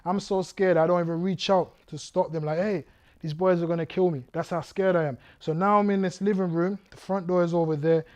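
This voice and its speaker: A man's voice: high voice, steady tone, fairly quick, darkish tone. A man, a guest speaker vividly telling his life story to an audience, acting out scenes and drawing the listeners in. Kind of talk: testimony storytelling to a youth audience.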